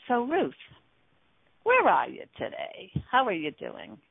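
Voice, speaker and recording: Her voice is a little high and slightly rough, with vocal fry, wildly swooping pitch, and a slow pace. She's a relationship coach hosting an internet radio talk show, speaking earnestly amid many fillers and restarts, recorded over a tinny, dry phone line without echo.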